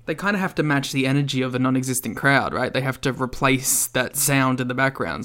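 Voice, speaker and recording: A man's voice: mid-range voice, a little fast, few pauses, a bit bright. A man co-hosting a podcast in casual chat, making dry, wry remarks. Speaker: podcast co-host.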